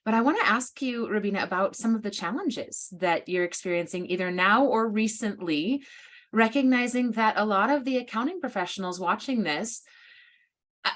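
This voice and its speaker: A woman hosts the conversation, posing long, rambling questions. Her voice sits at a middle pitch, and she keeps weaving in "you know" as she feels her way forward. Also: animated, normal speed, a bit bright. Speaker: host, interviewer. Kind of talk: interview chat.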